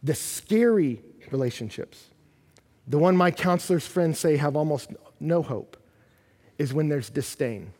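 A man preaching a sermon, earnest and building from quiet passages to loud, intense ones. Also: a little high, expressive, a little slow. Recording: long reverb of a large hall.

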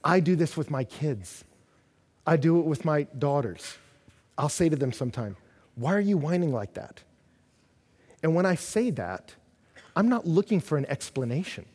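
A man preaching a sermon, earnest and building from quiet passages to loud, intense ones. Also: a little high, sing-song, normal speed, slightly rough. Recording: long reverb of a large hall.

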